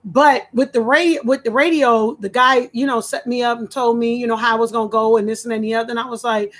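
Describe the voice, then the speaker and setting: A woman who once hosted a radio show, casually telling a story to her viewers and acting out the voices she quotes. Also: a little fast. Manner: animated, acts out quoted voices with big pitch jumps. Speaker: former radio host.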